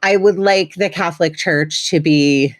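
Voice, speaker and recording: Woman, 30s, podcast host, lowish voice, dry close mic, joking sarcastic chat. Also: unhurried, no echo.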